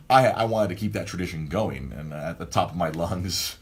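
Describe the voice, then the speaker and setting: A man hosting a casual podcast, telling a rambling, animated story full of restarts. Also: low-pitched, normal speed, breathy edge. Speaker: podcast host.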